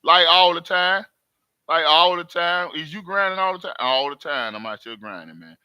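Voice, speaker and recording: A man hosts his own live stream from home, talking to his viewers in a high, bright voice. He speaks in emphatic, repetitive street talk, circling back to the same points again and again. The sound is dry and close. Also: moderate pace, smooth, dry recording. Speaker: host.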